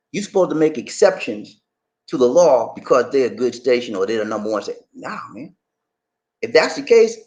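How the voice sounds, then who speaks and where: Chatty New man with a lively voice. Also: on the high side. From New York. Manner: loose and chatty, repeats phrases, chuckles often. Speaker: livestream host. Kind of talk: casual livestream chat reading viewer comments.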